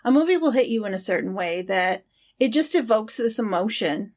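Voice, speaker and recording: A woman's voice: mid-range voice, expressive, a little fast. A woman co-hosting a casual podcast, talking in a reassuring way and often repeating herself for emphasis. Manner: warm and reassuring, emphatic repetition. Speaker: podcast co-host.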